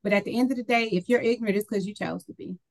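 A woman in her forties co-hosts a casual discussion podcast, speaking bluntly and emphatically, her voice rising when she stresses a point. Her voice is medium in pitch, a little mellow, and racing in pace, on a dry recording with poor audio.

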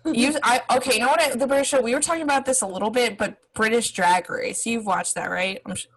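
A woman's voice: on the high side, quick pace, fairly bright tone, husky, rough recording. A woman co-hosting a podcast in casual chat, talking with many fillers and restarts. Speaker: podcast co-host.

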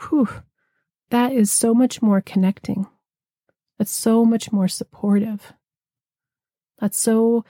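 A woman giving a gentle, reflective spiritual talk, slowing down to linger on lists of words. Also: mid-range voice, vocal fry, no echo, clean studio sound.

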